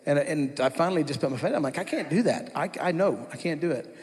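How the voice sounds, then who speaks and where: A man's voice: fairly high pitch, animated, fast talker, a little mellow. A man, likely in his thirties, telling his personal testimony in a conversational storytelling way, with restarts and asides. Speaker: speaker giving a testimony. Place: church hall. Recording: long reverb of a large hall.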